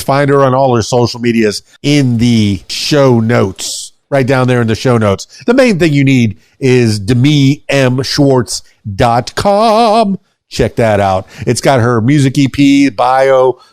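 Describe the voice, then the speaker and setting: A man hosts a podcast and signs off with lively, playful emphasis. His voice sits in a middle pitch. The recording is close and dry, with no room sound. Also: no room sound. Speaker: podcast host. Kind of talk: upbeat podcast sign-off.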